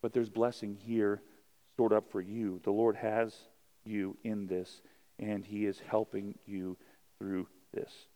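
A man's voice: fairly low pitch, level tone, slow pace, mellow. A male pastor giving a sermon, moving between casual storytelling and rising preached emphasis.

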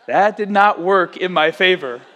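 A man preaching a sermon as pastor, lively, acting out quotes and stories. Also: sits high, measured pace. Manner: animated, acts out quotes and stories.

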